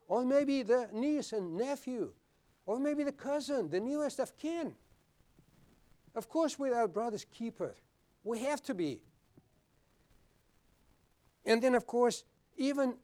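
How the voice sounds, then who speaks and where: A man preaching a sermon, earnest and repeating his words, at times dropping low and soft for solemn points. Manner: earnest, repeats words, clears throat often.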